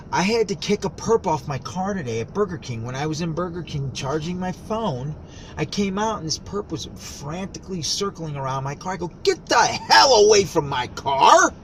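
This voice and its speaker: A man's voice: fairly high pitch, animated, brisk. Agitated swearing man filming outdoors. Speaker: vlogger. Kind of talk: rambling outdoor vlog. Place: outdoors by a road. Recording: loud outdoor traffic noise. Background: traffic and street ambience.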